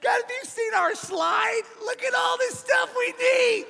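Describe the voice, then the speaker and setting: A man putting on a shrill whining complainer. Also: measured pace, vocal fry, exaggerated voice. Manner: shrill, high and shouting. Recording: long reverb of a big hall.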